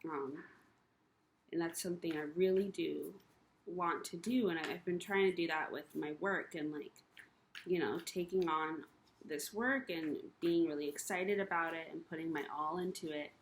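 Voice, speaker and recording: A woman's voice: fairly low pitch, fairly even intonation, normal speed, slight background noise. A young woman talking to camera in a rambling, emotional personal rant, full of ums and you-knows. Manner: rambling, confessional, many fillers; emotional, frustrated. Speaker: vlogger.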